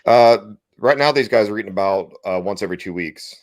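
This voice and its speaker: A man chatting as a guest on a video call, easygoing, explaining things plainly and laughing softly. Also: lowish voice, fairly quick, dry recording. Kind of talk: casual chat on a livestream.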